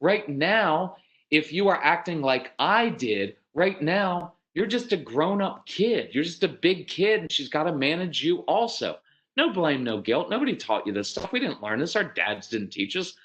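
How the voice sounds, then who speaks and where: A man giving a folksy, earnest parenting seminar, speaking directly to dads and acting out quoted parents with sudden leaps in pitch. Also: very animated, moderate pace, fairly bright tone.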